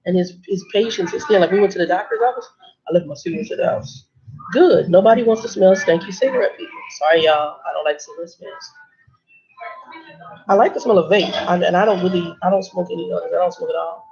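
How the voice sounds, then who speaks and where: A woman's voice: fairly low pitch, fast, vocal fry. A woman truck driver telling stories in a casual vlog, blunt and sarcastic. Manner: sarcastic, blunt, animated storytelling. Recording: dull lo-fi recording.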